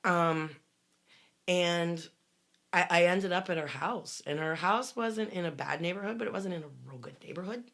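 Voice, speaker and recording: A middle-aged woman telling a dramatic personal story on a podcast, swearing freely and rising to loud bursts. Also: lowish voice, normal speed, vocal fry. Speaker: guest telling her story.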